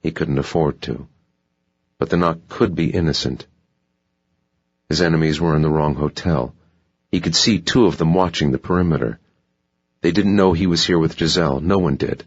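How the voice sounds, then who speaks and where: A man narrating an audiobook in a slow, measured delivery. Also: very deep voice, slightly rough, no room sound. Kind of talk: scripted narration. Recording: dull dry audiobook recording.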